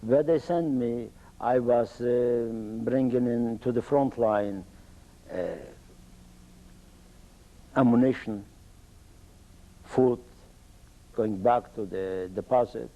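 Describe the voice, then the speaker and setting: An older man from Poland with an Eastern Polish accent, telling his own life story in halting, broken English. He often stops and restarts his sentences. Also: medium pitch, fairly even intonation, mellow, dull audio. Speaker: interviewee. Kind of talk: oral history testimony.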